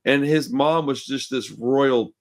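A man's voice: mid-range voice, takes it slowly. A man hosting a punk podcast, talking casually in slang and swearing as he tells stories. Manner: swearing, slangy, laughs while telling stories. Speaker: podcast host. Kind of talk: casual chat.

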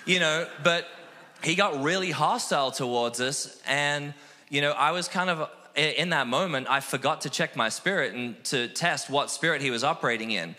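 A man from Australia, a missionary guest telling animated, self-deprecating stories in a casual interview. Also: a little high, normal speed. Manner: animated, acts out quoted voices, self-deprecating. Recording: long hall reverb.

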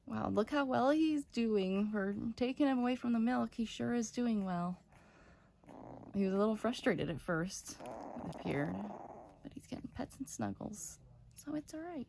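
Gravelly woman cooing baby talk to puppies. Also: fairly high pitch, animated, normal speed. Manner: sing-song baby talk to puppies, often softly whispered. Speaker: dog breeder. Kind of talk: casual vlog talking to puppies. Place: home bedroom. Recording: clear background noise with dog sounds.

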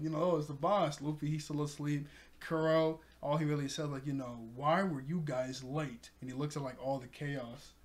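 A man casually recapping an anime episode, retelling character lines with lots of fillers. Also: fairly high pitch. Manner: animated retelling with quoted character lines and laughs. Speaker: anime reviewer.

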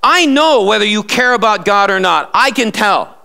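A man's voice: high voice, animated, moderate pace, gravelly, sharp tone. A male pastor preaching a live sermon in church, emphatic and fond of sarcastic rhetorical questions.

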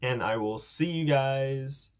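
Young male YouTuber, casual upbeat demo voice, self-deprecating, mid-range pitch. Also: slow pace. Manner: chatty, upbeat, self-deprecating, filler-heavy. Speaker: YouTuber demonstrating a coding project. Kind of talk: casual tech demo vlog.

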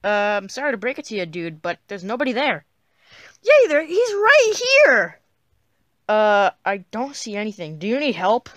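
A woman's voice: mid-range voice, animated, brisk, hardly any pauses, no room sound, natural voice. A woman voicing a dismissive, bossy male dinosaur in a plush puppet comedy.

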